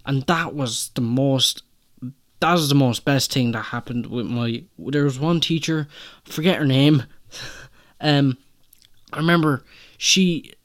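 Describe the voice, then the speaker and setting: A young man, hosting a solo podcast episode and talking in a rambling, self-conscious way with many hesitant restarts. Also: on the high side. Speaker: podcast host.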